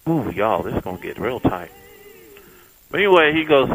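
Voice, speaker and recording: A man's voice: mid-range voice, big pitch swings, moderate pace, fairly bright tone, rough recording. A man, a motorcycle vlogger talking casually to viewers while riding his bike on the freeway, folksy and chatty. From Texas. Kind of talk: casual riding vlog chat.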